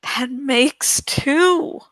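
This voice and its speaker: A woman reading a hushed, worried teenage boy. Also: sits high, drawn-out words, dry recording, exaggerated voice. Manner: hushed, urgent whispering.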